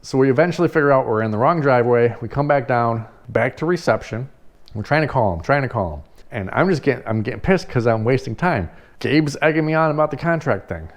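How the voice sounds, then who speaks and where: A man who runs a party rental business, telling a story casually in an animated way, swearing freely and laughing now and then. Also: mid-range voice, quick pace.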